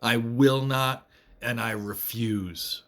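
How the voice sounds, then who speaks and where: A man's voice: mid-range voice, steady tone, takes it slowly. A man giving an earnest, emphatic political monologue to camera, repeating phrases to drive his points home. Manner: earnest, emphatic, repetitive rallying speech. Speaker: vlogger.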